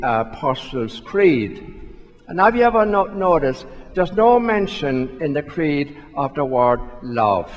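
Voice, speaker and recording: Priest in a reverberant church, unhurried. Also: male voice, on the high side, lo-fi sound. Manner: conversational, self-questioning storytelling with repetitions. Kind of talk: sermon. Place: large church. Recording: long reverb of a church hall.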